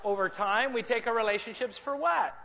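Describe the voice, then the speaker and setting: Very high, creaky, bright, and forceful, this man's voice moves fairly quickly as he jokes with the audience at a motivational sales and marketing seminar. The large conference room yields a muffled, reverberant recording with slight background noise.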